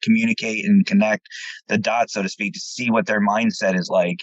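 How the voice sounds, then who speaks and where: A man's voice: on the low side, moderate pace, no echo. A man from central Pennsylvania, a paranormal investigator, telling stories in a casual interview and acting out quoted dialogue. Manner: animated storyteller, acts out quoted dialogue, repeats words. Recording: dull lo-fi dry audio.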